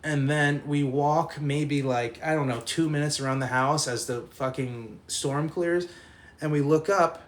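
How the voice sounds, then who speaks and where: Animated, profane young man telling a story. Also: on the high side, a little slow. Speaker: streamer. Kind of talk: casual storytelling to a live chat.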